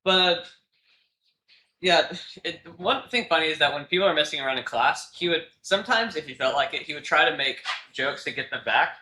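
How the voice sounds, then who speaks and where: Teen boy podcast co-host, rambly, lots of fillers, bright tone, roomy echo. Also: a little high, animated, fairly quick. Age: teens. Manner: rambling, many fillers and restarts, laughs often. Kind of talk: casual chat. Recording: echoey room with faint noise.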